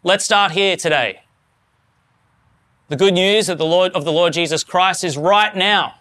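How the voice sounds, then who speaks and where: A man's voice: sits high, unhurried, bright, forceful tone, no echo. A man preaching a sermon to his congregation, earnest and rising to fervent emphasis. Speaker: pastor.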